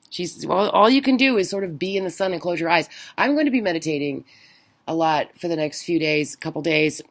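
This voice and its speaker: Middle-aged woman, casual vlog chat, animated and rambling storyteller who acts out the dialogue she quotes. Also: sits low. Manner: rambling with many restarts. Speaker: vlogger.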